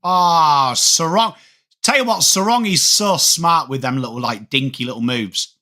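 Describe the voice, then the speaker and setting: A high-voiced man with a bright, sharp tone chats casually with his viewers on a live watchalong. He calls the match as it happens, and his voice jumps up in excitement on big plays. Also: unhurried. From England. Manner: chatty, reads out viewer comments, rises excitedly on plays. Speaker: watchalong streamer. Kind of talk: live game commentary mixed with chat.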